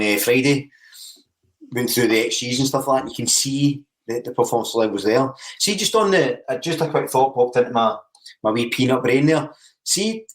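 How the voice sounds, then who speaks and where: A man, co-hosting a football podcast, rambling animatedly through ideas. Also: mid-range voice. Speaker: podcast co-host. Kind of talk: casual chat. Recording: roomy echo.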